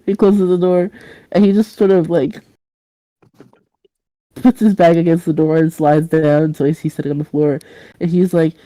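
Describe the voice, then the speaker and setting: A woman's voice: deep voice, steady tone, normal speed, pauses often, warm tone, no room sound, rough recording. A woman narrating a tabletop game as game master, casual and rambling. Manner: casual, rambling, with fillers and laughs.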